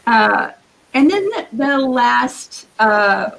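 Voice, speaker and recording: A woman giving earnest, encouraging quilting advice as a guest on a live video call, with a husky morning voice. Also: fairly high pitch, very animated, drawn-out words, a bit bright, rough recording. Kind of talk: live-streamed advice talk.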